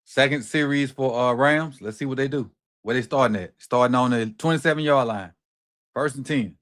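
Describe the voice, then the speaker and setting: A middle-aged man hosting a watch party, calling plays live with excited, slangy reactions. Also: medium pitch, normal speed. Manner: excited, animated play-by-play reactions with Southern slang. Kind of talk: live football watch-along commentary.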